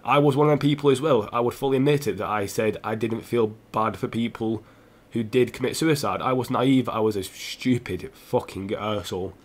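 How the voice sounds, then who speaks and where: A young man speaking straight to his stream audience, tearful and on the edge of crying. He talks earnestly and haltingly, stumbling over restarts and repeating himself, at a medium pitch for a man. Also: steady tone. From England. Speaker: gaming streamer. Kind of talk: emotional personal address to stream viewers.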